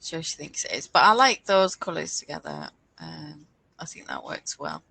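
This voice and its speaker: A woman's voice: low voice, wildly swooping pitch, moderate pace, vocal fry, sharp tone, breathy edge, no echo, rough recording. A woman co-hosting a casual chat about knitting patterns, thinking aloud and stumbling over designer names. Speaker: podcast co-host.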